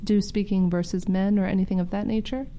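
A woman hosting a radio interview, talking quickly in long run-on sentences. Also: mid-range voice, steady tone, warm tone. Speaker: radio show host.

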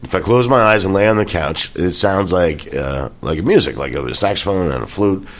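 Deep-voiced man telling animated stories. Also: moderate pace. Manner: animated storyteller, acts out movie scenes; swears casually. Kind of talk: casual chat.

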